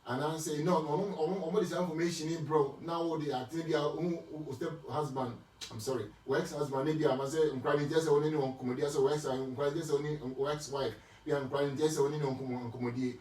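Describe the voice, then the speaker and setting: A man with a Ghanaian accent and a fairly high voice talks casually about faith and marriage. He moves between Twi and English, restarting and repeating words as he goes. He is set back from the mic in a roomy, echoing space. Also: steady tone, brisk, few pauses, a little mellow. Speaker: speaker answering marriage questions. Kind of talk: casual Christian teaching talk. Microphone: distant from the mic. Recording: echoey room, speaker far from the mic.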